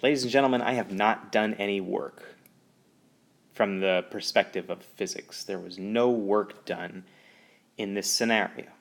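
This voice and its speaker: Lively low-voiced man giving a physics lecture. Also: a little slow, creaky. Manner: lively, emphatic teaching with sudden rises in pitch. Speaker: physics teacher. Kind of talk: whiteboard lecture. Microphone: voice-over recording.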